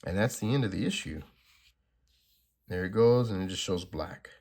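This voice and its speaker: A man's voice: low voice, lively intonation, normal speed, darkish tone. A man hosting a comic-reading channel, commenting casually with unsure, laid-back asides. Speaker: comic book reader, channel host.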